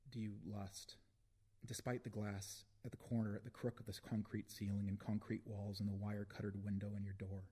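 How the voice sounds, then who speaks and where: A man giving a live reading of his own poetry at a book launch, slow and deliberate with long pauses between phrases. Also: fairly low pitch, warm tone, breathy edge. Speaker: poet reading his work.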